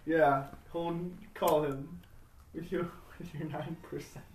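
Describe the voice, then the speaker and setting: A man's voice: fairly high pitch, steady tone, slow. A young man co-hosting a podcast, chatting casually with crude jokes and frequent laughter. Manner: crude, joking, laughs often. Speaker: podcast co-host. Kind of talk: casual chat. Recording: echoey room, mic far off, noisy.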